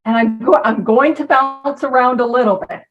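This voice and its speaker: A woman with a slightly high voice speaks in an earnest, reflective way as a recovery sponsor, drawing out the words she wants to stress. The recording is dull and lo-fi. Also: moderate pace, distant mic, music in the background. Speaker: sponsor sharing on recovery steps. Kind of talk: reflective talk on step work.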